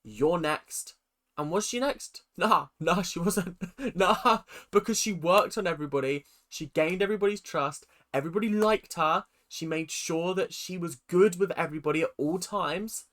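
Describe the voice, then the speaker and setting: Brief: male host, fairly high voice, effusive casual reaction chat. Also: moderate pace. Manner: animated and effusive, with quoted asides.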